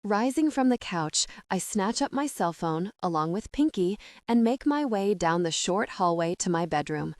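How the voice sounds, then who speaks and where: A woman's voice: mid-range voice, lively intonation, normal speed, few pauses, a little mellow, no room sound, studio quality. A woman reading a first-person romance audiobook with an intimate, emotional storytelling manner. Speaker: audiobook narrator.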